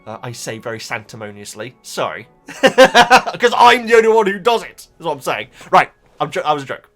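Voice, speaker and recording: A man's voice: a little high, big pitch swings, moderate pace, fairly bright tone, soft background music. A man chatting casually as a YouTuber, reading viewer comments with rambling, stammered restarts. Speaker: YouTuber reacting to book comments.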